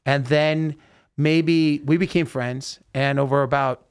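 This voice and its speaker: A man hosting a podcast in a studio, telling a story with lively voiced-out quotes. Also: on the high side, slow, smooth. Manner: animated storyteller acting out quotes. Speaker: podcast host. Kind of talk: casual storytelling chat.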